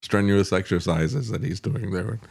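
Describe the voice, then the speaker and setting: Brief: middle-aged male commentary host, lowish voice, wry and sardonic, filler-heavy delivery into a studio mic. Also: normal speed, creaky, a little mellow, breathy edge. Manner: sardonic, chuckling asides, frequent "uh" fillers. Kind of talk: political commentary show.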